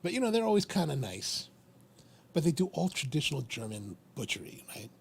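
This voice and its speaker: A man from Maryland runs a live stream, speaking briskly in a gravelly voice that sits on the high side. He rambles in a lively, chatty way and keeps repeating himself, with a little hiss or hum in the background.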